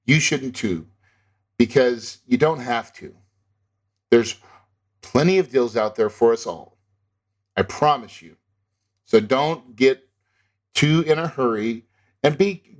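A man coaching an audience on real estate investing, with a voice of middling pitch. He talks in an emphatic, insistent manner and drives each point home with a quick "okay?". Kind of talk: instructional talk to an audience.

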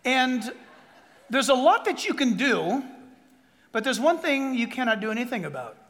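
Pastor, male, very high bright voice, animated emphatic sermon delivery, large reverberant hall, congregation laughing. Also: moderate pace. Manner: animated, emphatic preaching with asides and quoted voices. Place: church hall before a congregation. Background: audience laughter.

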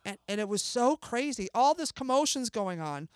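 A woman being interviewed as a guest, telling an emotional story in an animated way and acting out what people said. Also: on the high side, normal speed, dry recording. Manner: animated, acts out dialogue, swears freely. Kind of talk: emotional first-person storytelling.

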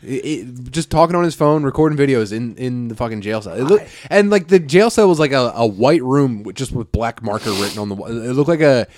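A man's voice: medium pitch, brisk, few pauses, no room sound, clean studio sound. A man bantering crudely on a casual podcast, with many fillers. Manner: crude, animated, frequent fillers. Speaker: podcast co-host.

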